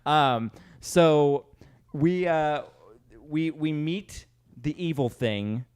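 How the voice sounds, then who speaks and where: A man's voice: fairly high pitch, very slow, darkish tone, clean tone. A man hosting a podcast, joking his way through a rambling casual movie recap. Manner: joking, rambling plot summary. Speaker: podcast host.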